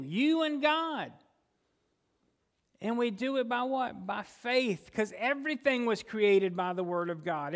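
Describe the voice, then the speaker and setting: A man's voice: high-pitched, fairly bright tone. A man preaching a sermon as pastor, conversational, often asking the congregation questions and answering them himself.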